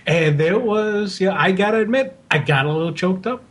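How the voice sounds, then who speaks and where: Sex: man. Pitch: somewhat high. Role: podcast co-host. Style: casual fan discussion. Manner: heartfelt and rambling, full of asides. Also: expressive, fairly quick, a bit bright.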